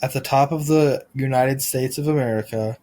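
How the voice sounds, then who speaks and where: A man hosting a podcast, delivering a rambling deadpan comic monologue full of restarts and absurd tangents. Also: medium pitch, moderate pace. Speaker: podcast host.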